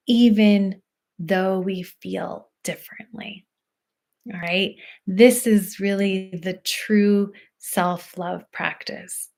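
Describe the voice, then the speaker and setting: A woman talks to her viewers at a slow, deliberate pace, softly reassuring them. Her voice sits in a middle register, and she keeps checking in with them as she coaches. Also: mid-range voice. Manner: soft-spoken and reassuring, with frequent "like" and "right?". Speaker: intuitive love guide. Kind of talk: slow, gentle coaching talk to camera.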